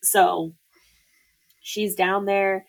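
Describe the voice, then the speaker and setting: A woman's voice: mid-range voice, steady tone, extremely slow, creaky, poor audio. A woman in casual podcast chat, retelling a movie plot in a loose, chatty way with lots of filler words. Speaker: podcast co-host.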